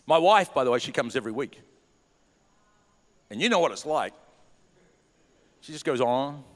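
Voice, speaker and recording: A man preaching a sermon as pastor, telling stories in a relaxed way and then building to an urgent, rising preaching cadence. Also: medium pitch, normal speed. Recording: long hall reverb in a church.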